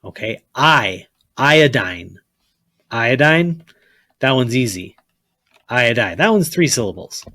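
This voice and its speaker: A man's voice: mid-range voice, very animated, slow, long pauses, bright, forceful tone, no echo. A man teaching a chemistry lesson, blunt and repetitive, often checking with "okay?" and telling students to write things down. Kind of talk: classroom lecture.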